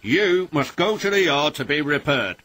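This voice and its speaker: A man's voice: a little high, lively intonation, moderate pace, bright, forceful tone, voice pushed up. A man voicing a stern, portly male railway boss giving firm instructions in a storybook reading. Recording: music playing behind.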